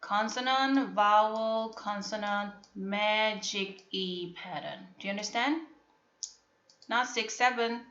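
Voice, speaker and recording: A woman with a Korean accent, a native Korean speaker, teaching an English phonics lesson to a class, repeating words slowly and checking that students understand. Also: medium pitch, a bit bright, a little hiss or hum. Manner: repetitive, drills words and asks if students understand. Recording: echoey classroom, dull lo-fi sound.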